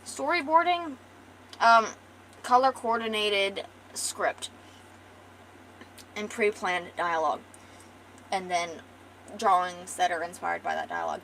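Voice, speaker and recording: A woman's voice: lowish voice, steady tone, slow pace, creaky, pauses often, fairly bright tone, a little hiss or hum, low-quality recording. Rambling young woman storyteller. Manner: rambling, profane, joking asides. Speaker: artist and streamer. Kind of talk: casual storytelling on a stream.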